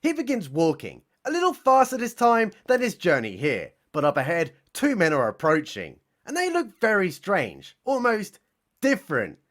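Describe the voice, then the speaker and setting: A man's voice: high voice, wildly swooping pitch, moderate pace, fairly bright tone. A man narrating a satirical story in a sarcastic, mocking, theatrical way. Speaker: comedy narrator. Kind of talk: mock-dramatic satirical storytelling.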